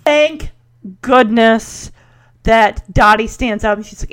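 Chatty woman with a slightly high voice. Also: fairly bright tone, smooth. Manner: chatty, enthusiastic, heavy use of "like"; acts out characters' lines in quick asides. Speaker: TV episode recapper. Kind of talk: casual episode recap commentary.

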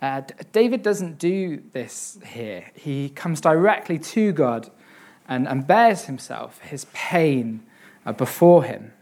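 A young man giving a sermon on a psalm, reading scripture earnestly and then talking it through with many pauses, fillers and repeated words. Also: fairly high pitch, animated, darkish tone. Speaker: preacher.

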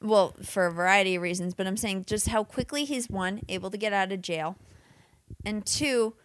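A woman's voice: mid-range voice, moderate pace, no room sound, clean studio sound. A woman co-hosting a casual movie chat with wry, teasing remarks. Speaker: podcast co-host.

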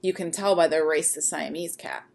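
A woman's voice: sits low, steady tone, moderate pace, vocal fry. A woman co-hosting a podcast, chatting casually in a wry, rambling way with plenty of fillers. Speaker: podcast co-host. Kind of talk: casual chat.

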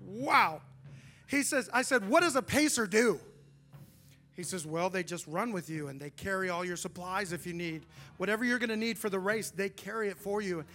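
A young man preaches from the pulpit, his voice sitting high as he tells a story. He jokes at his own expense and slips into his friend's words as he goes. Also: moderate pace. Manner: animated, self-deprecating storyteller, acts out a friend's lines. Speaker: pastor. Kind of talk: sermon with storytelling.

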